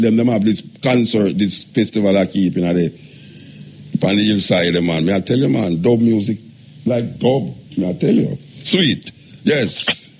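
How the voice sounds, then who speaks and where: A man's voice: mid-range voice, slightly rough. A man hosting a radio show. He talks in a loose, rambling way and repeats himself. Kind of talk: talk radio chat.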